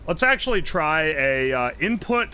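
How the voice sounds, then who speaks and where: High, bright-voiced young streamer. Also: male voice, moderate pace, a little hiss or hum. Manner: excitable, swears a lot, thinks aloud. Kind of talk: casual live-stream chat while tinkering.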